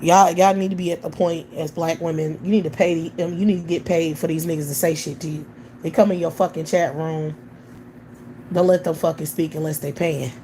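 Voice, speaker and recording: A woman's voice: low voice, fairly even intonation, fairly quick, mellow, a little hiss or hum. A woman hosting a livestream, ranting bluntly with heavy profanity. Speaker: livestream host. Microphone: computer or phone mic on a livestream.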